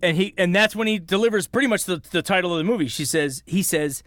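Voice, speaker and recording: A man's voice: high voice, fast, dry recording, clean studio sound. A man in his forties, a podcast co-host, eagerly retelling film scenes in casual chat. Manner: animated storyteller, retells scenes with excitement.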